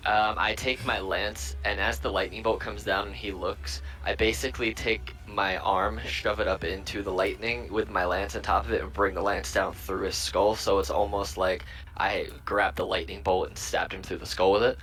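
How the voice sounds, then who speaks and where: A man's voice: fairly low pitch, level tone, normal speed, a bit bright. A man playing a tabletop game, vividly describing his character's actions. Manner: vivid, playful action narration. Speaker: player.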